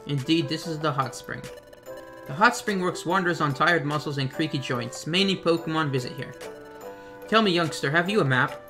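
A man voicing a calm elderly hot spring keeper creature who talks in a kindly, formal way. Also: fairly high pitch, normal speed, over music, lightly acted.

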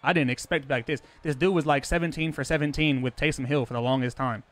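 A man's voice: medium pitch, fairly even intonation, fast. A young man live-streaming a football video game, talking to his chat in a brash, profane, defensive way and boasting about his ranking.

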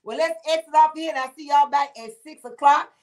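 A woman's voice: high voice, fairly quick. A woman hosting a casual livestream chat, laughing often and calling her viewers honey and baby. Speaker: livestream host reading viewer comments.

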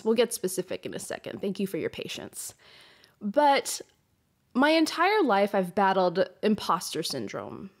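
A young adult woman hosts her own podcast, delivering a candid, casual confessional monologue in a mid-range voice on a hot close mic. She swears freely and restarts phrases, sounding emotional and with a runny nose.

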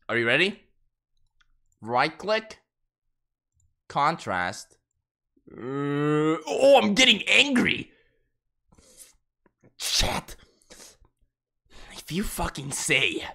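A male live streamer chatting casually with his viewers, swearing a lot and jumping into shrill outbursts. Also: very animated, slow, creaky, pauses often, sharp tone.

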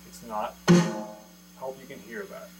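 A man's voice: medium pitch, fairly even intonation, measured pace, loud music behind the voice, low-quality recording. A man teaching a drum lesson, explaining step by step, counting beats aloud and checking in with the viewer as he goes. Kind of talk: casual video drum lesson. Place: indoor room with electronic drum kit. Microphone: camera mic.

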